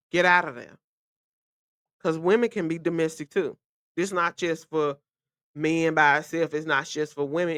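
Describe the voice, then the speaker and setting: Blunt woman, smooth close voice. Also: sits low, no room sound. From Memphis, USA. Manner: blunt, emphatic, repeats key phrases. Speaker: podcast host. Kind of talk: casual advice monologue.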